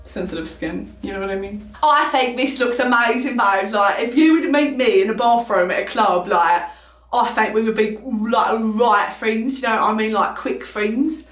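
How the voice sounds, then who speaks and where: A woman's voice: on the high side, normal speed, fairly bright tone, natural voice. A young woman from Texas putting on an Essex English accent to play a vain, bubbly young Essex girl in a comedic makeup tutorial parody, chatty and gushing, calling everyone babes. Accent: put-on Essex English. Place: indoors at home. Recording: roomy echo, faint music.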